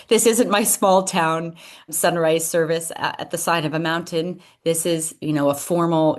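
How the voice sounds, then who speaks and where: A woman hosting a solo podcast, talking through a personal reflection in a hesitant, emotional way, with restarts and soft laughs. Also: lowish voice. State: tearful at moments. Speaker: podcast host.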